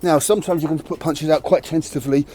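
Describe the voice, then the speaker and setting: A man's voice: fairly high pitch, steady tone, quick pace, dark tone, slight background noise. A man explaining martial arts training in a candid, matter-of-fact way while demonstrating outdoors. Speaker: martial arts channel host. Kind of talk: casual training demonstration to camera. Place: outdoors near a tree.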